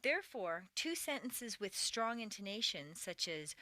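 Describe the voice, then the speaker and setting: A woman reading a scripted English pronunciation lesson, with clear, deliberate speech and exaggerated intonation in the drills. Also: medium pitch, expressive, pushed and bright, no echo. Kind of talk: scripted audio lesson narration.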